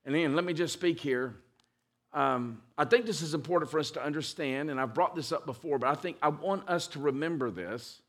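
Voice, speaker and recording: A man preaching a sermon, reading scripture aloud with emphatic, slowed stress on key words and frequent restarts. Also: a little high, a bit bright. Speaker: pastor.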